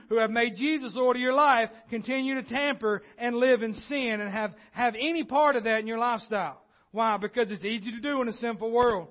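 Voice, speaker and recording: A man preaching a sermon, repeating key phrases and swinging between loud points and quiet asides. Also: sits high, dull audio. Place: church.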